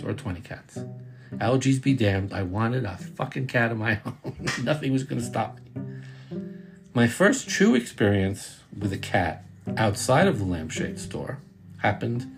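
Middle-aged male host from Brooklyn, low voice, relaxed wry personal storytelling over guitar music. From Brooklyn, New York. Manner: casual, wry, sometimes swears. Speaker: podcast host.

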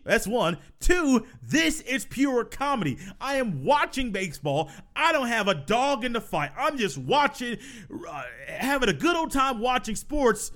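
High-voiced chatty sports podcast man. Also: sing-song, normal speed, fairly bright tone. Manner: chatty storytelling, laughs and repeats himself. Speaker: podcast host. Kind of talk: casual solo sports podcast talk.

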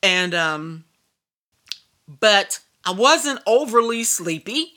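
A woman's voice: mid-range voice, expressive, drawn-out words, pushed and bright. A woman preacher telling a personal story in a sermon, emphatic and repetitive. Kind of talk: sermon testimony.

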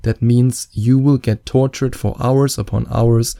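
A man's voice: mid-range voice, fairly even intonation, unhurried, creaky, dark tone, no echo. A man with a German accent, giving dating advice in a playful, joking vlog. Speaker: dating coach.

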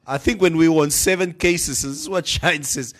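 A young Namibian man co-hosting a morning radio show, talking in a relaxed, agreeable way, often restarting phrases and mixing in Afrikaans. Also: fairly high pitch, moderate pace. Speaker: radio co-host. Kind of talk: casual radio banter. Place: radio studio.

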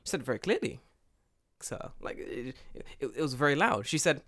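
A man chatting casually as a podcast co-host, animated and swearing, with many restarts. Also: fairly high pitch, fairly quick, no room sound. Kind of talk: casual chat.

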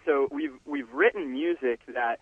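A man speaks earnestly and haltingly, pausing on fillers as he answers. His voice comes through a thin phone line. The sound is dry. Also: fairly high pitch, huge pitch swings, creaky, no echo. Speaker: guest musician.

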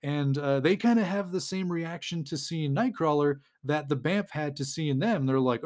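A man hosts a casual comic-book recap in a somewhat high voice. He rambles along, chuckles often, and acts out the lines of the characters. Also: normal speed, few pauses, a little mellow.

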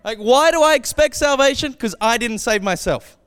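A man preaching a casual, animated sermon as pastor, acting out voices when he tells a story. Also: very high-pitched, normal speed, clean tone, long reverb tail. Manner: animated, acts out voices in anecdotes. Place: church.

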